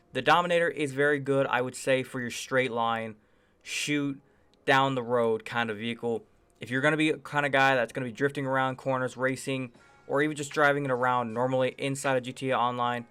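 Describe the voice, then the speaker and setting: A man gives a casual review on his gaming channel, his voice smooth and clear. He rambles in a loose, enthusiastic way and keeps softening his opinions with small hedges. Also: mid-range voice. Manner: rambling, hedges often with "I would say"; enthusiastic, chatty. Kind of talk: casual gameplay review commentary.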